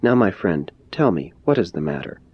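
A man reading the lines of a gentle, persuasive adult male teacher in a measured, earnest and courteous manner. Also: low voice, sing-song, husky, no room sound, exaggerated voice. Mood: gentle, probing. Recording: dull lo-fi recording.

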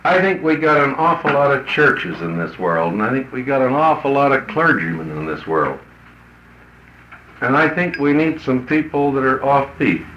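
A man's voice: mid-range voice, big pitch swings, normal speed, background noise. A man who works as a business consultant tells a story to an audience in a folksy, blunt, colloquial way. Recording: roomy, dull lo-fi recording.

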